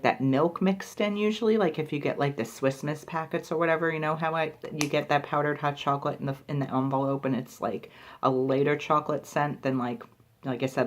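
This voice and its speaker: A woman talking casually in a product review vlog, chatty and full of filler words. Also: rumbling low.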